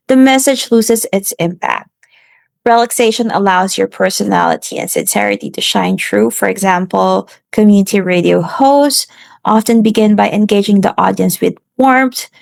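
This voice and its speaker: A woman presenting a class lesson on relaxing the voice, steady and instructive, with some slips and restarts. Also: medium pitch, creaky, dry recording. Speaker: student presenter.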